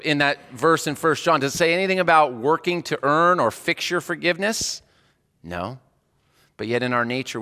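A man in his thirties, a hospice chaplain, preaching a conversational sermon full of rhetorical questions, going soft and quiet for the prayers. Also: medium pitch, clean tone. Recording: long reverb of a hall.

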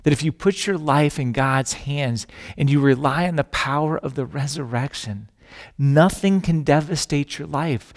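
A man's voice: fairly high pitch, unhurried, long reverb tail. A man preaching a sermon as a pastor, telling stories with jokes and acting out the voices in them. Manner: storytelling with jokes, acts out voices in quotes.

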